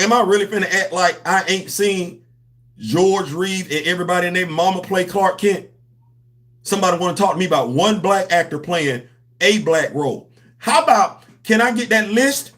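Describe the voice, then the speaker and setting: Guy, ranting to his chat on a comics livestream. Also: sits high. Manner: animated, preachy, slangy, addresses chat directly. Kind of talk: casual livestream commentary.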